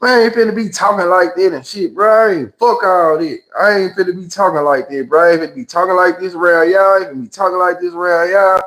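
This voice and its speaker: A man with a Memphis Southern accent spins a loose, slangy story on his phone livestream. His voice sits a bit high for a man, and he keeps slipping into other people's voices as he tells it. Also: fairly even intonation, fast, hardly any pauses, a bit bright, poor audio. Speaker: livestream host.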